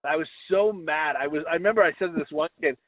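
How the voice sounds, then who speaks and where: A man's voice: a little high, fast, no room sound. A man co-hosting a podcast in casual chat, joking crudely and laughing a lot. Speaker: podcast co-host. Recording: tinny phone-like sound.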